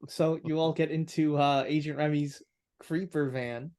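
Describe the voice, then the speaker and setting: A man's voice: a little high, steady tone, moderate pace, darkish tone. A man narrating a tabletop game as game master, describing scenes with frequent filler words.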